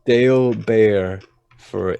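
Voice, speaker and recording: A man's voice: fairly low pitch, drawn-out words, creaky, dark tone, smooth, dull audio. A man co-hosting a podcast in a casual, rambling way, often restarting his sentences. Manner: rambling, repeats words when starting. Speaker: podcast co-host. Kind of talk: casual chat.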